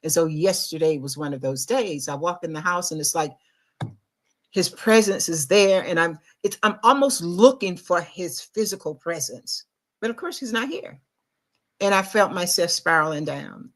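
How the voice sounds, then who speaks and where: A middle-aged woman hosting a podcast, giving an inspirational faith talk in an emphatic, confiding way that swings between loud urgency and quiet reflection. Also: fairly low pitch, animated, moderate pace. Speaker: podcast host.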